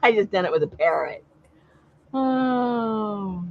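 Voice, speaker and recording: A woman's voice: medium pitch, lively intonation, slow pace, a little hiss or hum. A woman chatting casually on a livestream, telling stories and laughing often. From Southern California. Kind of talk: casual chat. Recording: dull lo-fi sound.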